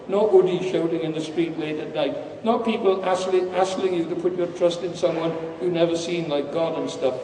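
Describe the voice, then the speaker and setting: A man's voice: a little high, mellow, slight background noise. A man reading his own comic story aloud at a live event, dry and wry with sudden outbursts. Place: large hall, live reading. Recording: echoey hall from far off.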